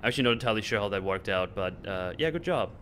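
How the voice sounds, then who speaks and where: A man's voice: on the low side, very fast, a little hiss or hum. Sarcastic ranting man. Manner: animated, sarcastic, mocking voices. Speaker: channel host. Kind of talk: casual ranting recap.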